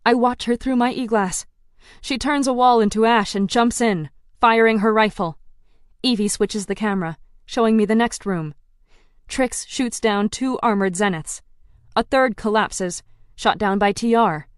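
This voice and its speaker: A woman's voice: fairly high pitch, measured pace, smooth, no room sound, studio quality. A woman narrating a first-person audiobook in a tense, dramatic storytelling manner.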